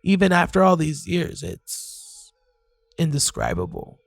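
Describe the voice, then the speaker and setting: Male horror storyteller, higher voice, unhurried delivery, hesitant with sighs, dry booth sound. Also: huge pitch swings, creaky, no room sound, soft background music. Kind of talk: first-person horror storytelling.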